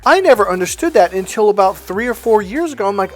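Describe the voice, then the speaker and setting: A man's voice: sits high, expressive, quick pace. A middle-aged man talking bluntly and with profanity to camera as a self-help coach, acting out what family members said. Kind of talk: casual monologue to camera.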